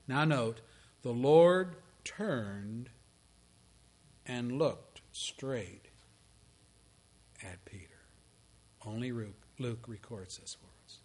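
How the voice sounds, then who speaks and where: A male pastor delivers a sermon like a dramatic story, moving between hushed passages and forceful proclamation. His medium-pitched voice is expressive, stretching out words and pausing often.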